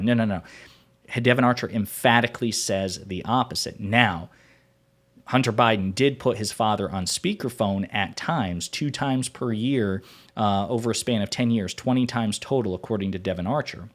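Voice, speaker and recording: Man, political commentator, fairly low voice, emphatic, argumentative, solo commentary. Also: normal speed. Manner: emphatic, argumentative, repeats key points.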